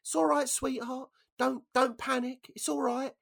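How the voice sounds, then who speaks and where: A man with a British accent voicing a sweet little old lady in a high, cooing falsetto while telling a joke. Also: steady tone, a little slow, creaky, exaggerated voice. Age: older. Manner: cooing, sing-song.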